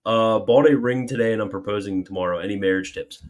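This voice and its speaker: A man's voice: fairly low pitch, fast, few pauses. A man hosting a casual livestream Q&A, reading viewer questions aloud and answering them with jokey mock alarm and then earnest explanation. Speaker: livestream host answering super chats.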